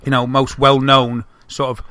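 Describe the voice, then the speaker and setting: Male podcast co-host, bright tone, dry close sound, easygoing chat. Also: medium pitch, monotone, moderate pace, dry recording.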